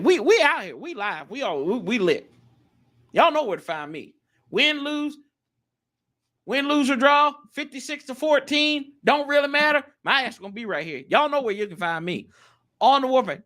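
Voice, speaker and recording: Animated high-voiced man. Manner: animated, slangy, jumps pitch often. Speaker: livestream host. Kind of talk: casual live chat reading comments.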